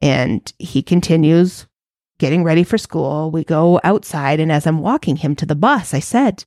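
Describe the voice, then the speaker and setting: A woman's voice: low-pitched, animated, a little slow, dark tone, no echo, clean studio sound. A woman hosting her own podcast, telling a personal story in a candid, reflective way. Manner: candid, reflective, self-searching. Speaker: podcast host.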